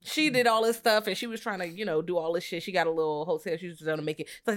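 Profane, animated woman ranting. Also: fairly low pitch, fast, few pauses. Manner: profane, animated, acts out rants. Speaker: podcast co-host. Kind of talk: casual chat about horror films.

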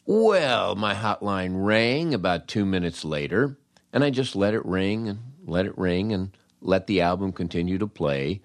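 A man's voice: low voice, expressive, measured pace, no room sound, clean studio sound. An older American man telling radio career stories in a wry, sardonic way, acting out the people he quotes. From United States. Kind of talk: casual storytelling monologue.

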